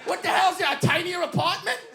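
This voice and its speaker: A man playing a shouting cranky old New Yorker. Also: very high-pitched, a little fast, echoey room, crowd noise, noisy background, voice pushed up. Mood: indignant ranting. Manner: yelling, scornful, incredulous rants.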